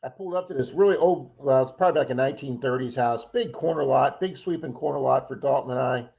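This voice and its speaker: A man's voice: mid-range voice, quick pace, vocal fry. A man co-hosting a casual livestream chat, telling rambling stories and acting out other people's lines. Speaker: livestream co-host. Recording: dull lo-fi stream audio.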